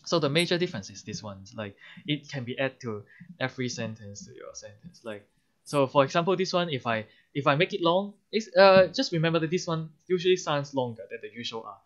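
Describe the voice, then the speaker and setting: A man's voice: a little high, expressive, a little fast, fairly bright tone. A man with a Hong Kong English accent teaching an online language lesson. He explains patiently with many examples and often says "uh-huh". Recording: dull lo-fi recording.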